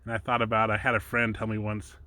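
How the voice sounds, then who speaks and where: A man's voice: on the low side, monotone, quick pace, bright, forceful tone, dry recording. A man giving an informal Bible teaching from his slides, chatty and rambling, breaking off often to chuckle. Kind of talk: casual home teaching with slides.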